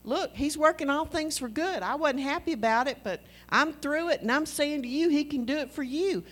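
A woman's voice: sits high, expressive, normal speed. A woman, preaching a sermon in an earnest, conversational way and telling personal stories.

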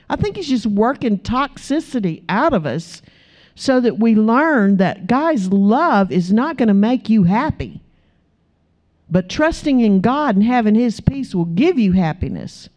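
Animated woman preaching, warm voice. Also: fairly high pitch, measured pace. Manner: animated, acts out voices in her stories. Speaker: preacher, pastor's wife. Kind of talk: sermon with storytelling. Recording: slightly dull lo-fi sound.

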